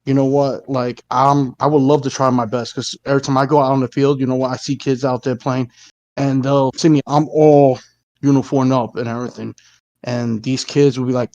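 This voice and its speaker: A man's voice: mid-range voice, fairly even intonation, fairly quick, darkish tone, no room sound. A man on a podcast speaking earnestly in a rambling, emphatic way. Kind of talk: casual podcast chat.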